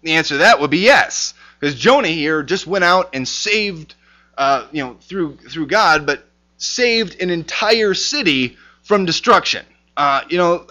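A man's voice: a little high, sharp tone. A man teaching a casual Bible lesson, talking conversationally with lots of fillers and restarts.

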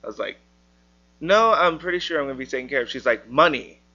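A man's voice: fairly high pitch, lively intonation, fast, heavy background noise. A young man sharing a personal testimony in a casual storytelling way, acting out the voices in his story. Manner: casual storytelling, acts out quotes. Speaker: church member sharing a testimony. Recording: dull lo-fi recording.

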